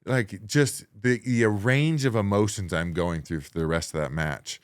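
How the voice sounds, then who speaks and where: A man in his forties, a guest on an interview show, telling a story in a lively way that swings between loud excited bursts and quiet low asides. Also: measured pace, clear, resonant tone. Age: 40s. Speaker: guest, professional wrestler.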